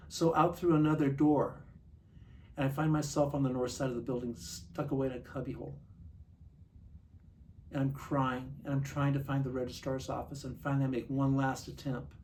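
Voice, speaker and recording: A man in his sixties giving an earnest personal recovery testimony, confiding and slowing down for vivid details. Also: medium pitch, flat delivery, a little mellow. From Montana. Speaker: recovery speaker. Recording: distant mic, faint room noise.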